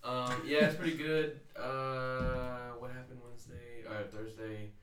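A young man chatting casually as a podcast co-host, relaxed, laughing often and swearing loosely. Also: medium pitch, a little slow, faint music behind. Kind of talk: casual chat. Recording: echoey room, mic at a distance, others chatting.

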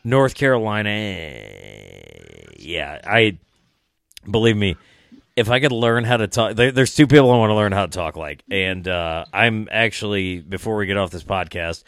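A man's voice: on the low side, normal speed, a bit bright, no echo, clean studio sound. A man chatting as a guest on a casual podcast, rambling, laughing often and swearing freely.

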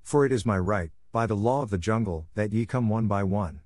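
A man's voice: fairly low pitch, fairly quick, darkish tone, dry recording, studio quality, close to an everyday voice. A man voicing a weary old wolf leader. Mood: solemn. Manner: weary and dignified. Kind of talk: audiobook reading.

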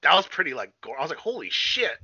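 A man rambling through a film recap with loose, swearing energy and a very bright, forceful voice that swings widely in pitch. The sound is dry and a bit dull, like a modest home setup. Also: lively intonation, very fast, husky, dry recording. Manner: rambling, profane, laughing recap with acted-out quotes. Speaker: podcast co-host recapping a film. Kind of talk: casual chat.

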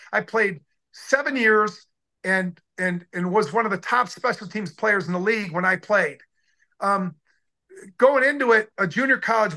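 In a casual interview, a former football player in his sixties tells stories with excited, rambling talk and many restarts. His voice is very high.

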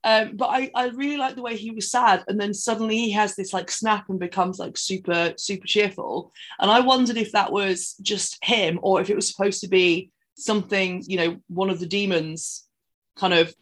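A woman talks through a film's plot in a loose, rambling way. She keeps slipping into the characters' lines as she goes. Her voice sits at a middling pitch. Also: steady tone, normal speed. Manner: rambling, acts out characters' lines while retelling scenes. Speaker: podcast co-host. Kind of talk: casual film recap chat.

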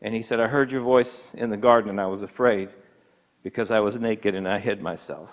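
A man preaching a sermon, slowing down for key points and briefly acting out the voices of tempters in an emphatic style. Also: lowish voice.

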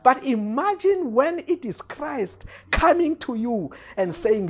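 Preacher, male, high voice, emphatic and repetitive, sermon delivery straight to the pews. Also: expressive, unhurried, hardly any pauses, breathy edge. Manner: addresses the congregation directly.

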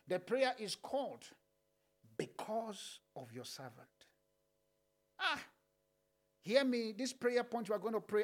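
A man's voice: high-pitched, lively intonation, normal speed, long pauses. A man leading a fervent sermon prayer as pastor, repeating declarations with frequent "uh" fillers.

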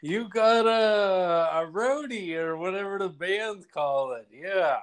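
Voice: mid-range voice, slow pace, clear, resonant tone. A podcast co-host reacting in casual chat with brief, laughing responses.

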